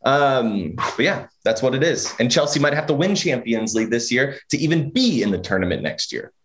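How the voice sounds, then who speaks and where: Male sports talk host, mid-pitched, casual, teasing, quick to laugh. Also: sing-song, fairly bright tone. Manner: laughs often, teasing, chatty.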